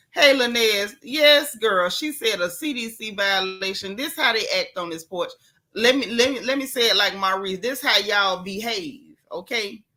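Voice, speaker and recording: A woman's voice: medium pitch, sharp tone. A woman from Central Florida hosting a live stream, giving casual gossip commentary in a sassy, blunt way and greeting her viewers by name as she talks. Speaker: livestream gossip host.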